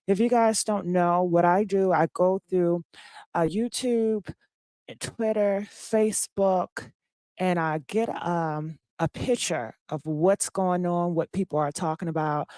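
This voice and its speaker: A woman hosting a casual live-stream gossip commentary, just woken up and low on energy, chatting directly to her viewers with plenty of fillers. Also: a little mellow, no room sound, clean studio sound.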